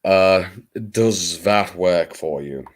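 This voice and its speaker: A man's voice: low voice, drawn-out words. A man from Liverpool hosting a late-night live stream, chatting with viewers in a wry, theatrical, self-mocking way and swearing casually. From Liverpool, England.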